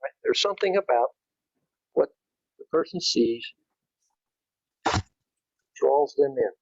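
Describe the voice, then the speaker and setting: A man's voice: medium pitch, expressive, slow pace, creaky, a little mellow, breathy edge, no room sound, muffled recording. A man giving an informal talk to a club, speaking conversationally and restarting his phrases as he goes. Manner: conversational, repeats and restarts, rising emphasis.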